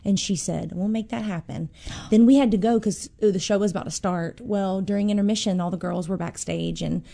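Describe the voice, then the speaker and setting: A woman's voice: mid-range voice, fairly even intonation, fairly quick, creaky, warm tone. Gushing woman telling a story. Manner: gushing, emotional, filler-heavy storytelling. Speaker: musician guest. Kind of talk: casual interview storytelling.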